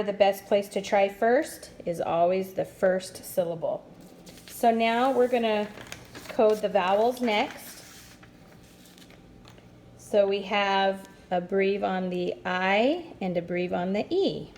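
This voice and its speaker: A woman teacher walks young learners through a phonics lesson at an unhurried, patient pace. Her pitch sits mid-range, and she offers bright, upbeat praise between steps. A faint room hum sits behind her voice. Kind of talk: first-grade phonics lesson.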